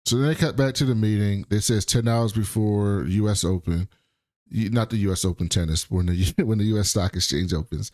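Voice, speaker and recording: Guy with a lowish voice recapping tv scenes on a podcast, casual, dry sound. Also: a little fast, a little mellow, dry recording. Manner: retelling scenes, swearing. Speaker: podcast co-host.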